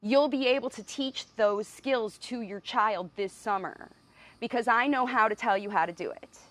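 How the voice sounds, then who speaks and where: A woman's voice: fairly high pitch, normal speed. A middle-aged woman, a speech pathologist, speaking earnestly and with emotion to viewers of her live video, laughing now and then. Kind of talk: emotional live stream address. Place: standing outside by a window.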